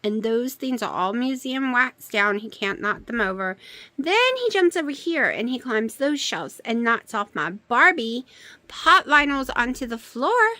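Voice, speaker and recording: A woman's voice: a little high, expressive, unhurried, bright, forceful tone, no room sound. A woman chatting casually to her camera at home, talking to her cats and cooing at them in baby talk. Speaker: vlogger. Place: home room.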